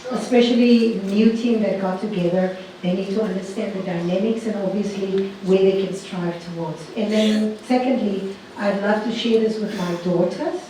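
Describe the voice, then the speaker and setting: A woman's voice: medium pitch, fairly even intonation, moderate pace, mellow. A woman in the audience speaking in a considered way about sharing with her daughters. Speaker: audience member. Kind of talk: spontaneous remarks. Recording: echoey hall, distant, faint noise.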